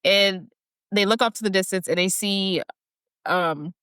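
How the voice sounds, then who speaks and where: A woman's voice: medium pitch, fairly bright tone, clear, resonant tone, no room sound, clean studio sound. A woman co-hosting a podcast, telling a movie's plot in a casual, chatty way. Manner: chatty storyteller, quick asides and laughs. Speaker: podcast co-host. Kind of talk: casual movie recap chat.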